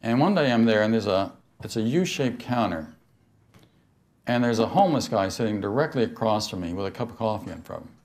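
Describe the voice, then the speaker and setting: A man's voice: on the low side, animated, brisk, a little mellow. An older man giving a spiritual talk to an audience, telling stories, laughing and asking his listeners questions. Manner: storytelling, asks the audience questions, laughs often. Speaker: speaker on mysticism.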